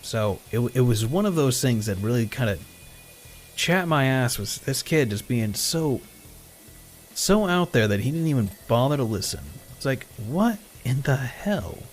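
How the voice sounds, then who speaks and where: A man's voice: mid-range voice, a little slow, soft background music. A man streaming live, casually telling a story full of quoted back-and-forth, with frequent swearing and chuckles. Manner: animated retelling with quoted dialogue, swearing, chuckles. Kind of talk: casual storytelling while gaming.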